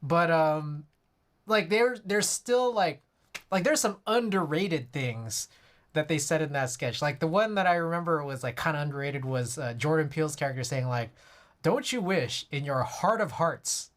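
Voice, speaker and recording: A man with a fairly high voice chats casually at a normal speed on a live stream while building a keyboard. He rambles, says "like" a lot, and chuckles often.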